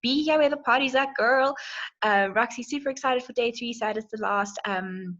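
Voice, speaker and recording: Upbeat woman host on a lo-fi phone live stream, greets viewers warmly by name, bright higher register. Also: moderate pace. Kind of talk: casual live stream chat.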